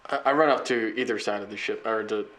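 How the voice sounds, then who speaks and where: A man playing in a tabletop game, quickly describing his character's actions in casual banter. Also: lowish voice, a bit bright. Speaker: player.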